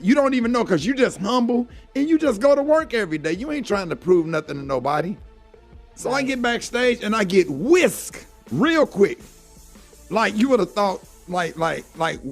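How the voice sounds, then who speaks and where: A middle-aged man hosting a morning radio show, telling a heartfelt story in an earnest way and saying "man" often. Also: sits high. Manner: earnest, heartfelt, fills talk with "man" and "you know".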